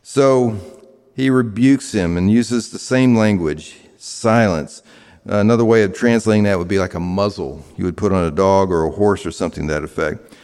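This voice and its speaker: His deep, clear, resonant voice has a darkish tone and a normal speed as this Southern pastor preaches to a live crowd. The sermon is conversational and full of fillers and restarts, echoing with the long reverb of a large hall.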